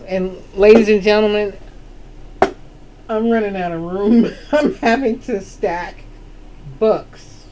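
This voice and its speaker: Slow-talking sassy woman hosting book chat. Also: mid-range voice, warm tone, slight background noise. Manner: chatty and sassy, laughing often. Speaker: host of a book chat show. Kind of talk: casual book chat monologue.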